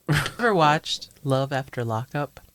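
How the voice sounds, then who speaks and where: A young co-host bantering in casual chat, teasing and animated. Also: mid-range voice, slow, no echo, clean studio sound. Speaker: podcast co-host. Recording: noisy recording.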